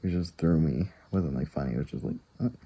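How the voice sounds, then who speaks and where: A man's voice: very deep voice, lively intonation, fast talker, warm tone, slightly rough, rough recording. A man casually telling a long story to the camera, rambling and acting out what others said. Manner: rambling, retells dialogue with many "I'm like" and "he's like". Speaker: vlogger.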